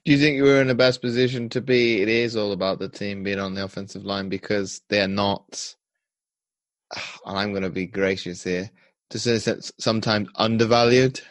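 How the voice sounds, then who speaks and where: Low-voiced male podcast host. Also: level tone, moderate pace, no room sound. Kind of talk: interview questions.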